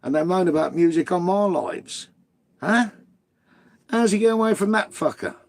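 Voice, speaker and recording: A man's voice: high voice, lively intonation, moderate pace, vocal fry, a little mellow. A middle-aged man, chatting casually on a live stream, swearing freely and bantering with viewers. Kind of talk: casual live-stream chat reading comments.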